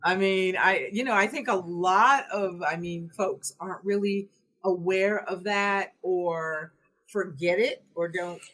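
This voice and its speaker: An American woman co-hosting a podcast, giving her opinions in an emphatic, animated, chatty way. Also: on the low side, slow pace. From United States. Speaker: podcast co-host. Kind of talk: casual conversational chat.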